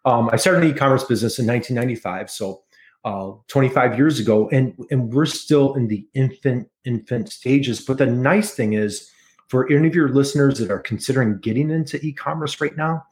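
An enthusiastic middle-aged American man talking as a guest on a podcast. His voice sits at an ordinary pitch, and he stresses his points by repeating them. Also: brisk, darkish tone. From United States. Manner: enthusiastic, repeats key figures for emphasis. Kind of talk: casual interview chat.

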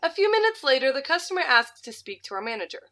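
A woman casually telling a story on a podcast, animated, laughing and swearing freely. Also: high-pitched, quick pace. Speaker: podcast co-host.

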